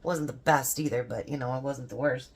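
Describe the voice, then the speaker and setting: Older woman, grandmother type, low voice, rambling casual devotional chat with frequent laughs. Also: a little fast, breathy edge. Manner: rambling, chatty, laughs often. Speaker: homestead vlogger.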